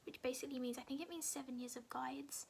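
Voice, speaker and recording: Quick-paced and creaky, this high-pitched young woman keeps a fairly even intonation as she rambles in a casual bedroom vlog shot on a handheld phone. "Like" comes up constantly, she often nearly whispers, and slight background noise is present.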